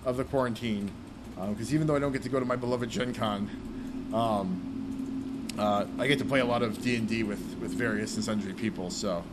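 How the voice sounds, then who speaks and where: A man's voice: on the low side, a little fast, noisy background. Rambling podcast host man. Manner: rambling, many fillers. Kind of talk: casual chat.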